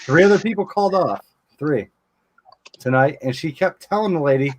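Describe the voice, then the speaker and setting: A man's voice: a little high, moderate pace, a little hiss or hum, low-quality recording. A man casually telling a long story, acting out the people he quotes and swearing now and then. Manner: animated storyteller who acts out quoted dialogue, swears casually.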